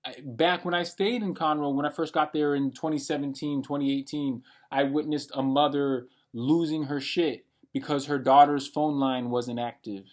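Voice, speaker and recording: A man's voice: on the high side, steady tone, moderate pace, few pauses. A man in his late twenties giving a blunt, profane and rambling monologue for his vlog. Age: late 20s. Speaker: vlogger. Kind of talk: unscripted rant monologue.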